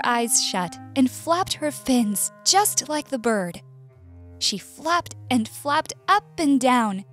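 A woman with an American accent reading a story aloud in slow, clear scripted narration for language learners. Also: sits high, animated, faint music behind. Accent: US English.

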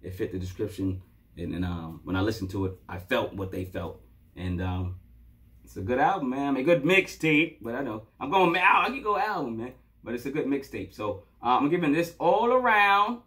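A man's voice: mid-range voice, expressive, moderate pace, fairly bright tone. A man giving a loose, casual spoken review of a hip-hop mixtape, full of playful asides and "you know what I'm saying," talking from home at his computer.

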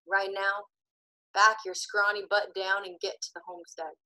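A woman voicing a calm, commanding teenage boy who speaks in a steady drawl in a storybook reading. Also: medium pitch, normal speed, close to an everyday voice, poor audio. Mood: firm.

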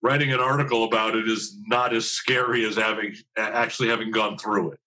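A man's voice: fairly low pitch, fairly even intonation, fairly quick, sharp tone, rough recording. A man in his fifties, a TV writer talking candidly as a podcast guest, self-deprecating and rambling with many restarts. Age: 50s. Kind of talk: candid conversational interview.

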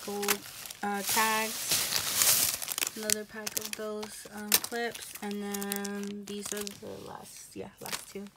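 A woman's voice: medium pitch, completely flat delivery, slow pace. A woman vlogger losing her voice, casually showing craft items and prices with many fillers, a child singing behind her. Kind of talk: casual haul show-and-tell. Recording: loud background noise. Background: child singing in the background.

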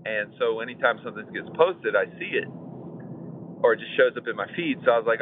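Relaxed male podcast host, forties, rambling and chuckling; tinny phone-line audio. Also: medium pitch, brisk, a little hiss or hum. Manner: laid-back, chuckling, rambling with fillers. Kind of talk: casual podcast chat.

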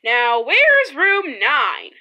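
A woman doing playful homemade puppet-show narration, excitedly exclaiming as a preschool teacher. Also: high-pitched, extremely slow, muffled recording.

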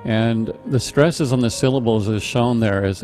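A middle-aged man teaching a live online meditation class, calmly explaining a chant with patient, halting restarts. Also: on the low side, gravelly, faint music behind. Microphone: video call microphone.

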